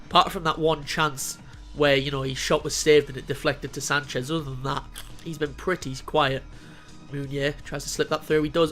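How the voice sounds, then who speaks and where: A man giving casual, excitable commentary on a football video game, swearing freely and talking to his players. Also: on the high side, normal speed, faint music behind. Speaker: gaming video host.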